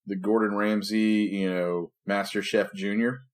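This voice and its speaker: A man's voice: on the low side, level tone, measured pace. A man co-hosting a casual podcast over a call, rambling and joking, often trailing off mid-sentence. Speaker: podcast co-host. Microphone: remote video call.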